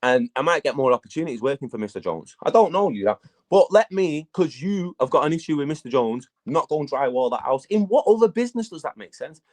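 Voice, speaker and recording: A man, a battle rap guest talking casually in an interview, telling animated stories and swearing a lot. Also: on the high side, fast talker. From England. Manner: animated storytelling, heavy swearing.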